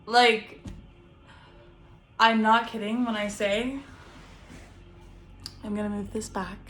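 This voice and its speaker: A young woman vlogger telling a personal story in a chatty way, full of fillers and animated retelling. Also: medium pitch, slow. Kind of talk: casual storytelling to camera.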